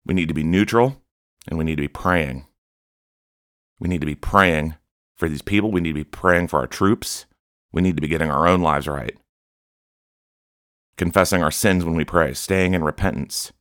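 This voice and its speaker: A man's voice: sits low, normal speed, long pauses, a bit bright, no room sound, clean studio sound. A man hosting his own podcast, delivering an impassioned, admonishing preaching monologue with open anger. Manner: fervent, admonishing, openly angry. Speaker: podcast host.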